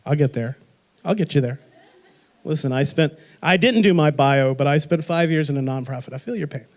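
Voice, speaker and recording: A man with a voice on the high side gives a live marketing workshop at a brisk pace. He jokes energetically and tests the audience with rhetorical questions.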